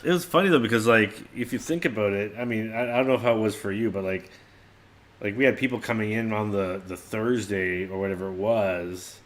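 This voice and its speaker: A man's voice: fairly low pitch, a little fast. A man co-hosting a casual drawing stream, rambling through stories with lots of fillers and laughter. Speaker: co-host.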